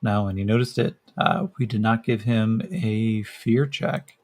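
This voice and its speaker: A man's voice: lowish voice, steady tone, unhurried, a little mellow. A man narrating a solo tabletop role-playing game as game master, casual and hesitant with many fillers.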